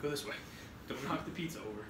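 Joking, swearing man, lively voice. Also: mid-range voice, fast, echoey room, a little hiss or hum. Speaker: host of a pizza review livestream. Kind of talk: casual on-stream banter. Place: indoors at a table during a livestream.

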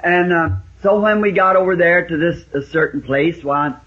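A man from the States, preaching and telling a folksy hunting story, with sudden high exclamations. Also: normal speed. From Southern United States. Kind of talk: storytelling sermon. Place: church meeting with a congregation. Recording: lo-fi 1960s live sermon tape.

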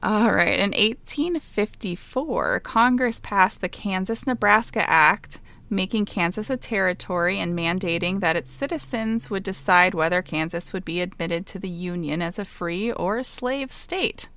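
A woman's voice: medium pitch, a little slow, a bit bright. A woman co-hosting a podcast, casually telling a history story from her notes, with asides and stumbles.

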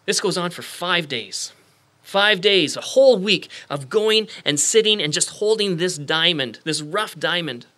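A pastor preaching a sermon in church, telling a made-up parable and acting out the voices of its characters. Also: male voice, high voice, animated, measured pace, sharp tone. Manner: storytelling preacher, acts out quoted voices. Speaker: guest pastor. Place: church sanctuary.

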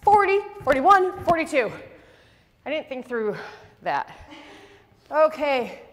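Breathless, slightly hoarse female fitness coach; slow, lively delivery with big pitch swings. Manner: counting reps aloud between breathless whews. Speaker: fitness instructor. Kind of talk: leading a workout class. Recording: long reverb in a big room.

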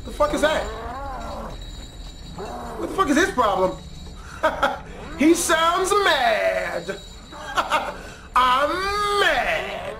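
A man giving profane, excitable let's play commentary, trash-talking the game and yelling suddenly. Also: very high-pitched, drawn-out words, gravelly, pauses often, noisy background. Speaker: gamer.

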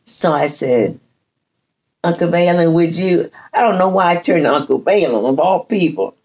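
A woman's voice: fairly low pitch, low-quality recording. An older woman, telling a family story in casual talk and acting out her relatives' lines. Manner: lively, drawn-out, acts out quoted relatives. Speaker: storyteller guest.

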